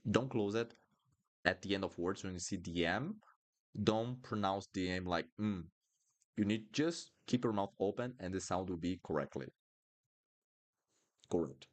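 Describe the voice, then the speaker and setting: Patiently repeating words for drills, this native Portuguese speaker with a Brazilian accent teaches pronunciation in a live online lesson. He has a lowish, expressive voice and talks at normal speed.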